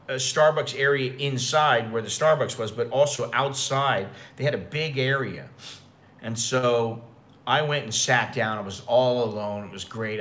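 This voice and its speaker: Rambling American guy, bright voice. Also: medium pitch. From United States. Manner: rambling, profane storytelling. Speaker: expat vlogger. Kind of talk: casual livestream chat.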